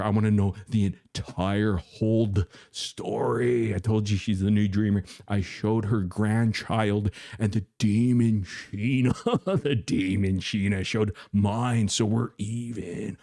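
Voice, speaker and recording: A man's voice: fairly low pitch, vocal fry, dark tone. A man hosting a casual live stream, reading viewer comments aloud and teasing one chatter in a playful, crooning way.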